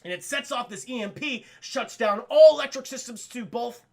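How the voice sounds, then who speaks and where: A man's voice: extremely high pitch, normal speed, a little mellow. A man giving a casual, profane film review to a live chat, laughing often.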